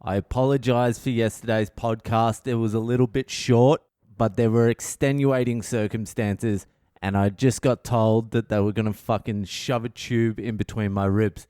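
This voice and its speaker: A man's voice: lowish voice, steady tone, normal speed, mellow, clear, resonant tone, dry recording, clean studio sound. A man, telling a story to his podcast in a laid-back, profane way, with a sore chest. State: sore chest, short of breath. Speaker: comedian podcast host. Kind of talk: casual storytelling monologue. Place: hospital.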